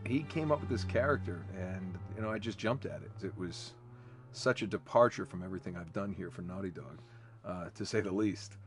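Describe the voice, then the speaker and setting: A man's voice: deep voice, brisk, over music. A man, a voice actor, recalling his work in a casual interview, talking hesitantly with restarts.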